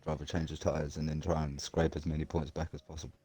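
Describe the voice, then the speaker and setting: Deep, fast-talking racing driver, a man. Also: husky. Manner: rambling, halting restarts, excitable. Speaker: sim racing driver being interviewed. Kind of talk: casual post-race chat.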